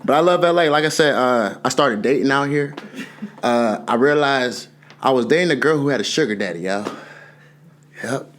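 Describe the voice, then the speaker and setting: A man's voice: medium pitch, normal speed, fairly bright tone, a little hiss or hum. A young man from Texas doing a stand-up comedy set, telling loose stories and laughing between lines. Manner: loose, laughing storytelling, slips into character voices.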